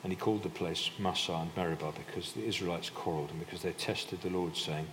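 A man's voice: low voice, fairly even intonation, fast talker, a bit bright. A man preaching a sermon in a conversational way, often restarting his sentences. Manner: conversational, with frequent restarts and filler. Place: church hall. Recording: reverberant hall, faint background noise.

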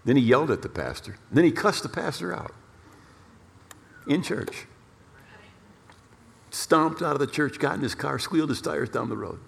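A male pastor preaching a storytelling sermon in an animated way, repeating words for emphasis. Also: on the high side, moderate pace, gravelly, long pauses, a little hiss or hum. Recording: long reverb of a large hall.

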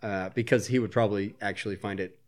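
A man's voice: fairly low pitch, fairly even intonation, fast, slight background noise. A man co-hosting a podcast, chatting casually about a film, asking puzzled questions, laughing and stammering as he starts sentences. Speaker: podcast co-host. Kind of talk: casual movie-watching commentary.

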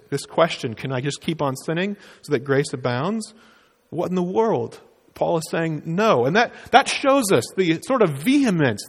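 A man with a high voice preaches a sermon in an earnest, explanatory way, and he lifts his voice to stress key phrases. His words trail into a long reverb from the hall around him. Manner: earnest, explanatory, with emphatic rises on quoted words. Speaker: pastor.

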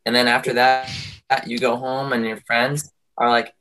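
A man's voice: mid-range voice, flat delivery, moderate pace, sharp tone, clear, resonant tone. A man in casual chat, telling a long joking story and acting out the quoted voices of other people along the way.

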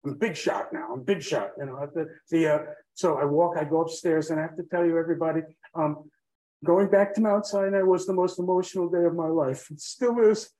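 Mellow-voiced man rambling through a story. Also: a little high, a little fast, poor audio. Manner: rambling, drifts off track, many fillers. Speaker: podcast guest telling his own story. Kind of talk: emotional personal storytelling.

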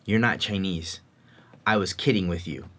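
Man doing a calm, amused dad who sets his son straight. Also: low-pitched, moderate pace, voice pushed down. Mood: gently amused. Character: amused father, gently correcting his young son.

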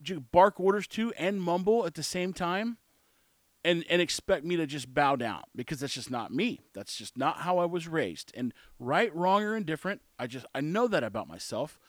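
A man's voice: fairly high pitch, animated, normal speed, dry recording. A man in his forties telling a story in a casual monologue, blunt and opinionated, rambling with restarts. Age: 40s.

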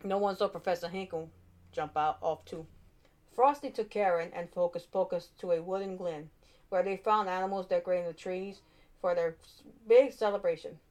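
A woman narrating a children's storybook aloud with expressive, animated delivery. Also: lowish voice, normal speed.

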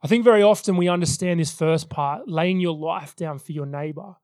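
A man's voice: a little high, normal speed, darkish tone, no echo, studio quality. A man in his thirties preaching a sermon as pastor, telling personal stories in an earnest way. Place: church service.

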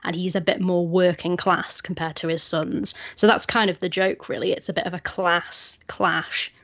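A chatty woman hosts a podcast, her voice sitting low and talking with thoughtful enthusiasm. The sound is dull and very dry. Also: level tone, moderate pace, a bit bright, no echo. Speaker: podcast host. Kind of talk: casual chat.

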